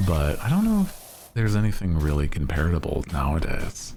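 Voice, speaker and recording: A man's voice: rumbling low, huge pitch swings, normal speed, gravelly, warm tone, slight background noise, rough recording. A young man streaming a game, chatting casually and rambling with fillers and restarts. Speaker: VTuber streamer. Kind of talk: casual gaming stream chat.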